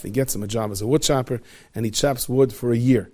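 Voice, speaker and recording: A man, a rabbi, spins a long story for his students in a lively, chatty way. He slips in and out of the characters' voices as he goes. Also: mid-range voice, fairly quick. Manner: lively, conversational, acts out every character.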